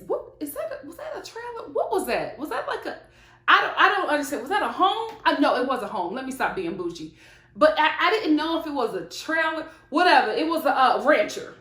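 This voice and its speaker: A woman with a fairly high voice delivers opinionated reality TV commentary, colloquial and emphatic. She talks straight to the people on the show. Her voice carries a noticeable roomy echo. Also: a bit bright. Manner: blunt, talks straight to the show's cast. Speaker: reality TV reviewer. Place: home filming setup with studio lights.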